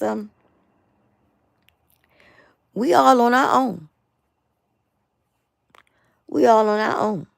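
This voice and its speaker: Host, woman; fired-up repetitive live rant, gravelly hoarse tired voice, dry close sound. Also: fairly high pitch, dry recording. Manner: emphatic, repetitive, stumbling restarts. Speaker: host of a live online show. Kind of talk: impassioned live rant to viewers.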